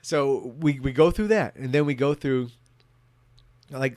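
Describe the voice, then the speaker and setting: A man in his thirties talks in a loose drunken rant, rambling and profane, often breaking off and restarting his sentences. His voice sits at an ordinary middle pitch for a man. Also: measured pace, pauses often, a little mellow, no echo. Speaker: vlogger.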